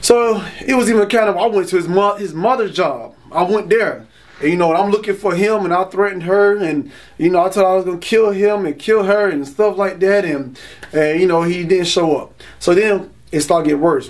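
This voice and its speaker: A young adult man from Florida, telling his testimony in casual street slang and often saying "you know". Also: high voice. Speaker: man giving a religious testimony.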